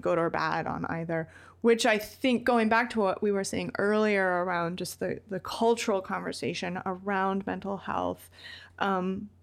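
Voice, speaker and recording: A woman talks as a guest on a podcast, close to a big studio microphone. Her voice is mid-pitched. She speaks candidly and thinks aloud as she goes. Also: creaky. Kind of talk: reflective podcast conversation. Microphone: large studio microphone.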